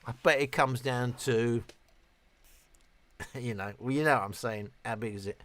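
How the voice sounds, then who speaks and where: A man's voice: mid-range voice, normal speed, a bit bright, dry recording. A British man in his late fifties, chatting casually on a live stream, reading out viewers' comments in a rambling, sweary way, a little tipsy. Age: 50s. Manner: chatty, rambling, swears freely, reads chat aloud.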